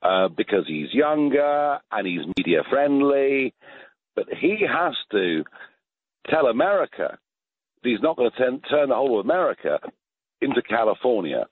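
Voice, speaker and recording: A man's voice: mid-range voice, very animated, normal speed, no room sound. A British man in his sixties, a guest commentator on a phone-in, talking emphatically and often restarting his words. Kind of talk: phone-in political chat. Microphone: telephone. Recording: tinny phone line.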